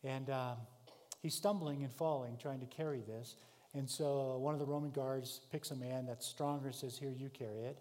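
A man preaching a sermon, telling a vivid story in the second person, rising to shouts and dropping to hushed tones. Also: medium pitch, steady tone, normal speed. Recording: long hall reverb.

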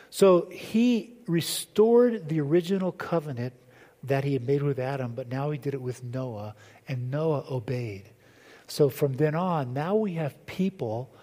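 A man's voice: fairly high pitch, a little mellow, big-room sound. A male pastor preaching a sermon in a conversational way, asking the congregation questions as he goes.

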